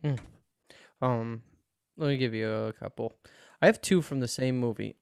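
Gravelly, profane man telling movie stories. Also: mid-range voice, moderate pace, long pauses. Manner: loose, profane, animated storytelling. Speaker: podcast co-host. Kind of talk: casual chat.

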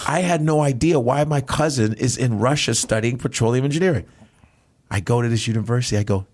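A man's voice: medium pitch, animated, fast talker, a little mellow. A man from Nigeria, a comedian guest, telling casual stories on a talk show, acting out other people's voices and swearing freely. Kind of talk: casual podcast storytelling.

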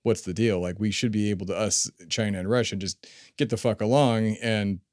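A man's voice: on the low side, steady tone, a little fast, a little mellow, dry recording, clean studio sound. A man co-hosting a podcast, chatting casually in a blunt, joking way with some swearing. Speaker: podcast co-host. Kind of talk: casual chat.

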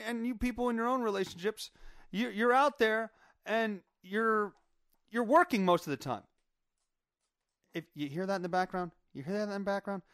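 A man's voice: sits high, a bit bright, no room sound, studio quality. A man hosting his own podcast from his home basement, chatting casually in a rambling, profane way with lots of filler words. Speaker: podcast host. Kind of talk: casual solo chat.

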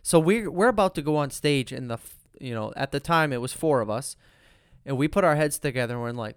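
A young man recounts band memories in a relaxed, chatty way, jumping into voices for the people he quotes. His tone is clear and resonant, recorded close and dry with no room sound. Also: mid-range voice, fairly quick, no echo. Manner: animated storyteller, acts out quotes. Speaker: band member. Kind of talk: casual storytelling chat.

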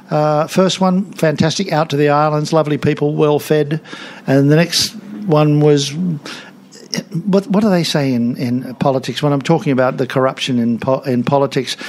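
A man's voice: on the high side, a little mellow. Laughing man in his seventies. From Australia. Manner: chatty and anecdotal, laughs often, frequent restarts. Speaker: guest, TV comedian and author. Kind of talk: casual interview storytelling. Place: studio.

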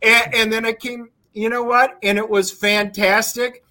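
A man on a talk show as a guest, telling animated stories over a video call. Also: high voice, measured pace, background noise. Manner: animated storytelling. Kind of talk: casual chat.

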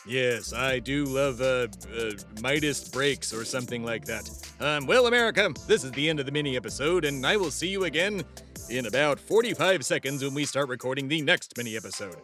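A man's voice: mid-range voice, lively intonation, a little fast, pushed and bright, faint music behind. A young man from Texas hosting a satirical comedy podcast, rambling and stumbling in a mock-pompous rant. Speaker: podcast host.

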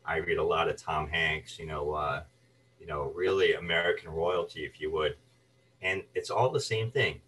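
An actor and voice artist, interviewed as a guest, tells animated stories from his career and acts out the voices of the people he quotes. His voice is extremely low and his pace moderate. The recording is rough, with a distant mic and slight background noise.

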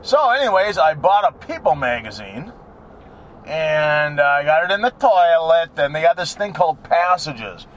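A man's voice: a little high, big pitch swings, unhurried, fairly bright tone. A middle-aged man rambling and cracking crude jokes as he talks to the camera while driving his car. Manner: joking, crude, wanders off topic. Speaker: vlogger. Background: faint road noise.

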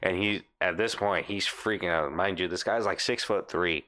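A young man with a somewhat low voice tells a chaotic workplace anecdote to friends. He laughs his way through, swears freely, and slips into quick impressions of the people involved. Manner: animated, laughing often, swearing, acts out quotes. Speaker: storyteller in a casual chat. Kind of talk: casual chat, telling an anecdote.

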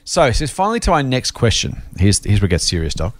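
A man's voice: medium pitch, fast talker, few pauses, no echo. A man hosting a casual finance podcast, joking and reading listener mail aloud. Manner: jokey, animated, reads listener mail aloud. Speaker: podcast host.

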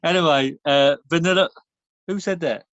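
Cheeky London pub regular put on by a man, crude joke-teller, slightly high, dry sound. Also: normal speed, fairly bright tone, dry recording, highs cut off, close to an everyday voice. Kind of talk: comedy podcast character bit.

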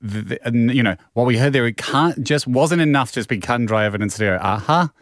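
A man co-hosting a casual comedic podcast, telling stories in a rambling, deadpan way. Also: mid-range voice, fast talker, dry recording, clean studio sound. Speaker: podcast co-host.

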